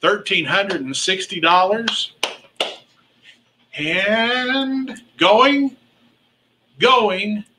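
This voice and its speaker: Excitable man calling a charity auction. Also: high-pitched, extremely slow, long pauses, noisy background. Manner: excitable, playful and teasing, cheering on bidders; calls rising bid amounts.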